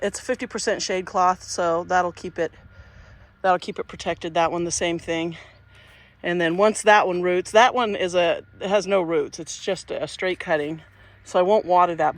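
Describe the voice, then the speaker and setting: A man giving a casual walkthrough of his outdoor garden, chatty and rambling, often restarting his sentences. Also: high-pitched. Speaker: gardening vlogger.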